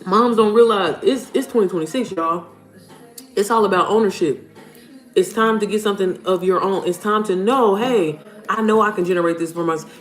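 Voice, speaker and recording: A woman's voice: medium pitch, normal speed. Chatty blunt woman livestream host. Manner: chatty, blunt, swears casually, addresses viewers as y'all. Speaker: livestream host and mom business coach. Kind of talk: casual livestream chat. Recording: roomy home livestream with faint music.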